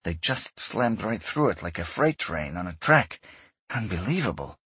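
Grim woman starship captain, read by a man in a husky, dry voice, clipped and commanding. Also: mid-range voice, sing-song, normal speed, dry recording, pitched above the performer's own voice. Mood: incredulous.

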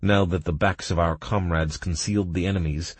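A man narrating a first-person fantasy game audiobook in a steady storytelling voice. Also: sits low, fairly quick, slightly rough, no echo.

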